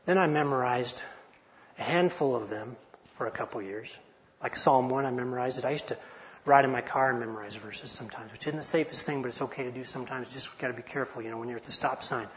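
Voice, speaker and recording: A man's voice: mid-range voice, quick pace, big-room sound, muffled recording, a little hiss or hum. A man in his forties teaching a Bible study in an earnest, conversational way, often restarting his phrases. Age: 40s. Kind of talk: informal teaching talk.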